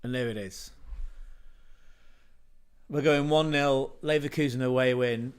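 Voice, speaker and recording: A man's voice: medium pitch, fairly even intonation, measured pace, clear, resonant tone. Chatty man hosting football talk. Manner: chatty, rambling, self-mocking asides. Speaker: football podcast host. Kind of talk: casual livestream football talk.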